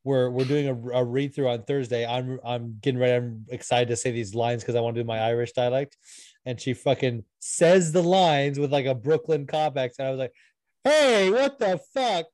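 A man's voice: medium pitch, steady tone, brisk, a little mellow, dry recording. A man co-hosting a podcast, telling stories loosely and swearing, while a bit sick. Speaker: podcast co-host. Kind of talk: casual podcast chat.

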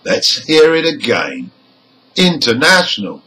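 Male teacher, slow and deliberate, lively intonation, crisp over-enunciated examples. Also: mid-range voice, low-quality recording. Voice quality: careful, over-enunciated delivery of example words. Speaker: English pronunciation teacher. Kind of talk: slow, deliberate lesson explanation.

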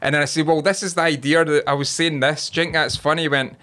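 A Scottish man in his thirties chatting casually, rambling and halting, swearing freely. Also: fairly high pitch, steady tone, sharp tone. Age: 30s. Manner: rambling, halting, sweary, says "aye" a lot. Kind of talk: casual chat.

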